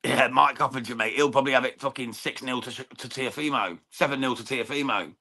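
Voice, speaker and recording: This English host's mid-range voice moves fairly quickly and sounds pushed and bright. During his live boxing watchalong stream he chats casually with viewers, leans on "mate," swears freely, and offers commentary on the fight.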